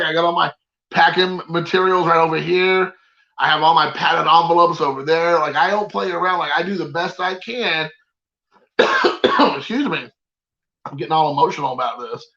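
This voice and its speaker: A man's voice: fairly high pitch, sharp tone, highs cut off. A man hosting a collector vlog, talking in an exasperated, rambling and slangy way. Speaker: collector channel host. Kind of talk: casual ranting vlog.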